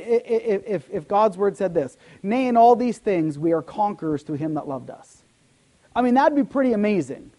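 Warm-voiced pastor preaching. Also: male voice, extremely high pitch. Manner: preaching with wide swings in loudness, repeats and sudden drops to near whisper. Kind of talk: sermon.

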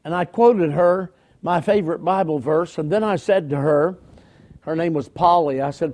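A man's voice: on the high side, normal speed, darkish tone. An older man preaching, telling folksy stories in a conversational way and calling out for amens. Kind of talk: storytelling sermon.

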